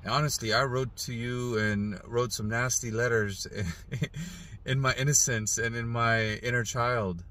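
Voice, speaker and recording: A middle-aged father speaking earnestly in a heartfelt personal video message, halting and emotional at times. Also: medium pitch, fairly even intonation, pushed and bright. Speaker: father posting an apology video.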